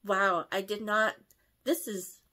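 A woman's voice: mid-range voice, fairly even intonation, takes it slowly, pushed and bright. A woman reading online posts and comments aloud, reacting emotionally, often stumbling and correcting her words.

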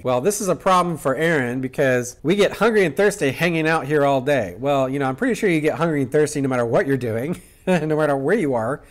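A man's voice: fairly high pitch, fairly quick. A man reviewing a manga in a casual way, joking and chuckling as he goes. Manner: joking, chuckles between lines.

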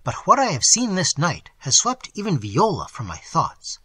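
A man's voice: fairly high pitch, wildly swooping pitch, normal speed, pushed and bright, slightly rough, no echo, voice pushed up, heavily acted. A man voicing a fervent, restless young Englishman. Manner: anxious and fervent, pleading. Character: impassioned, restless young Englishman craving forbidden knowledge.

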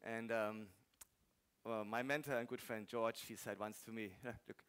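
A man's voice: fairly low pitch, steady tone, unhurried, fairly bright tone, clean tone. A man with a German accent, a fitness trainer giving a casual, jokey talk to a live audience. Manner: chatty, jokey, laughs often.

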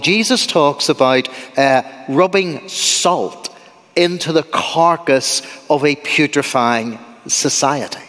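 A man's voice: on the high side, a bit bright. A man with a Northern Irish accent preaching a sermon as a guest, conversational and humorous, quizzing the congregation. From Northern Ireland. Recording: church with long reverb.

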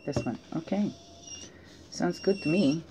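A woman acting as a spiritual teacher, giving a casual weekly oracle card reading. She reflects aloud, asks many questions, often adds "right?", and jokes gently at her own expense. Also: fairly low pitch, unhurried, noisy background. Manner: gently joking, laughs at herself. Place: at home.

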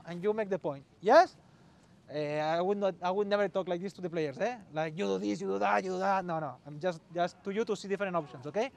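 High-voiced man coaching on a pitch. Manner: short commands, calls out to players, mixes in Spanish. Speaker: football coach. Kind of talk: on-field coaching demonstration.

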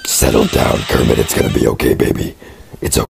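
A man making comedic reaction commentary in low, muttered asides with a deep, gravelly fry. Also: level tone, fast, loud music behind the voice. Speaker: comedy creator.

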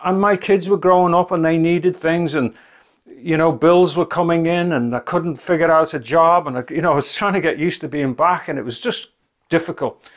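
A man's voice: a little high, moderate pace. A middle-aged man telling his own spiritual testimony in an earnest, conversational way, full of "you know" asides. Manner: earnest and conversational, many you-knows, rising to near-shouting when reliving anger. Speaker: speaker giving a spiritual testimony. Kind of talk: personal testimony storytelling.

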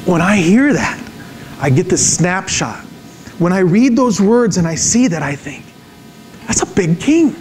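A male pastor preaching a sermon, dramatic, moving between hushed lines and emphatic repeated words, often checking in with the listeners. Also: high-pitched, lively intonation, a little slow, a little hiss or hum, low-quality recording. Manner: dramatic, swings from hushed to emphatic when reading scripture; repeats words for emphasis, asks the audience "right?".

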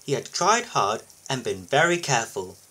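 A man reading a children's picture book aloud for his video channel, expressive and lively. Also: medium pitch, normal speed, breathy edge, low-quality recording. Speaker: YouTube storybook reader.

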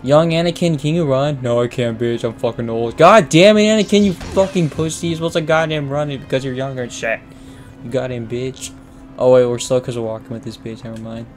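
A man commenting on a video game as he plays, swearing constantly and breaking into loud sudden outbursts. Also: mid-range voice, fairly quick. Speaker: gameplay commentator. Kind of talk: let's play commentary. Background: game audio and music.

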